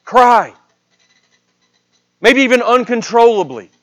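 A man delivers a sermon, retelling a scripture story and swinging dramatically between a raised voice and a hushed one. His voice is very high and very animated, and his pace is slow.

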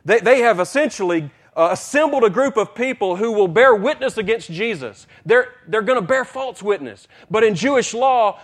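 Man preaching a storytelling sermon. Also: sits high. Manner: storytelling, acting out dialogue, repeats words when rising in intensity. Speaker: pastor.

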